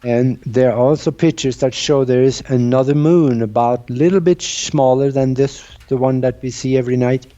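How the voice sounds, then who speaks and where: A man's voice: mid-range voice, fairly even intonation, normal speed, hardly any pauses, warm tone. A man interviewed as a researcher, explaining his ideas and telling stories in an earnest, conversational way. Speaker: guest researcher. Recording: dull lo-fi sound.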